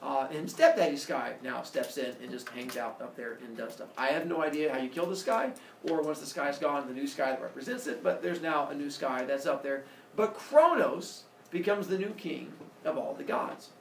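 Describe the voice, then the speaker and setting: A male teacher tells a myth to his class in a playful, animated way, with a lively voice. He is recorded from a distance in an echoey classroom with faint background hum. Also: fairly high pitch, normal speed, creaky, hardly any pauses. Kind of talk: storytelling to a class. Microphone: far camera. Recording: echoey classroom, camera far off.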